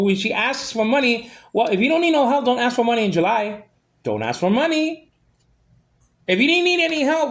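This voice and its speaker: A man vents in a long, aggrieved monologue and circles back to the same complaints. His voice is gravelly, and his pitch swings widely from high to low. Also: fairly bright tone. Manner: aggrieved, repetitive, ranting. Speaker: vlogger. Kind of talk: ranting monologue.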